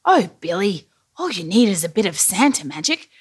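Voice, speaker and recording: A woman voicing a jolly, kind old Santa in a storybook, chuckling and gentle. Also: medium pitch, sing-song, moderate pace, slightly rough.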